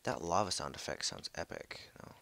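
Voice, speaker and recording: A young man giving casual gameplay commentary from home on a headset mic, excitable, jumpy and swearing often. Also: low-pitched, normal speed, vocal fry, slight background noise. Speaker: gaming video creator.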